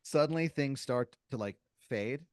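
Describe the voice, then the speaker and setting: A man's voice: medium pitch, a little slow, clean tone, dry recording, studio quality. A man co-hosting a comedy podcast, narrating an improvised scene in second person. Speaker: podcast co-host running the improv.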